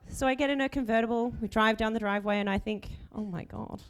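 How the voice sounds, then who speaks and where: A woman's voice: fairly high pitch, quick pace, clear, resonant tone. Nervous joking Australian woman giving a speech. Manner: nervous, self-mocking, joking. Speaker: chief bridesmaid. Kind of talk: wedding speech.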